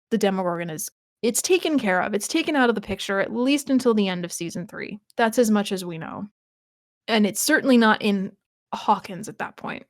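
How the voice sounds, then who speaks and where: A woman's voice: mid-range voice, dry recording, studio quality. A woman co-hosting a TV rewatch podcast, chatting casually and thinking aloud, with frequent restarts and small laughs. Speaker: podcast co-host.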